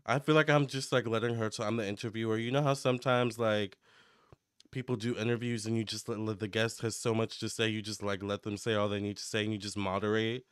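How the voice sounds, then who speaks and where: A man giving a casual psychic tarot reading to camera, chatty and excitable as he relays what he picks up in a running commentary. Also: on the low side, fast, smooth, no echo, clean studio sound. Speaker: tarot reader and medium.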